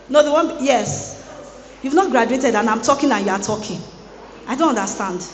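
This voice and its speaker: A woman's voice: fairly high pitch, normal speed. Playful woman preaching in a hall. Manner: playful, teasing the audience. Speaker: guest speaker at a student boot camp. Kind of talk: lively motivational sermon. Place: large hall. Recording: echoey large hall.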